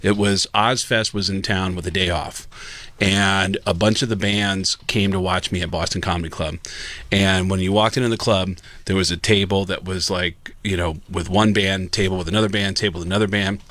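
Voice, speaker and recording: A comedian with a bright, forward voice spins a story on a podcast, slipping into the people he quotes. The close studio mic keeps the sound dry. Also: low-pitched, moderate pace, no echo. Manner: animated, acts out quoted people.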